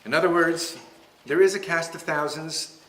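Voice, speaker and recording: A man, a rabbi, giving a lecture and telling stories in an animated, humorous way. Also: on the high side, moderate pace. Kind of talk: lecture with storytelling. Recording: roomy hall echo.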